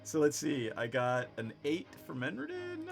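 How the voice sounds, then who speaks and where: A man's voice: a little high, wildly swooping pitch, normal speed, gravelly, soft background music. A man running a tabletop game as game master, narrating the action and laughing easily with his players over an online voice chat microphone. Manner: easygoing, laughs often while narrating.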